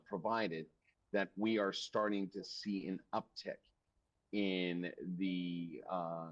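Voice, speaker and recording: A man's voice: low voice, muffled recording. A man, a policy analyst speaking live from a remote link, hesitant at first with fillers and restarts, then emphatic. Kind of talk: live interview commentary.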